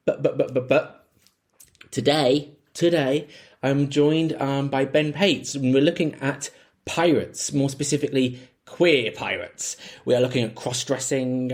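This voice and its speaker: A man's voice: fairly high pitch, a little mellow. A man hosting a podcast, talking through an intro in a chatty, apologetic way with frequent ums. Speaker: podcast host.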